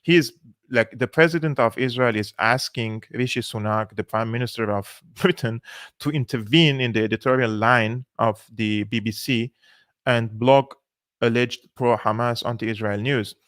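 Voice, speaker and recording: A man's voice: mid-range voice, normal speed, fairly bright tone, dry recording, clean studio sound. A man hosting a political commentary channel, talking casually and sarcastically with many fillers. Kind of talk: casual commentary on played clips.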